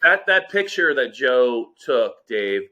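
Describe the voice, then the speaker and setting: A man's voice: mid-range voice, very animated, slow pace, sharp tone, muffled recording. A man co-hosting a sports podcast in casual chat, emphatic and opinionated.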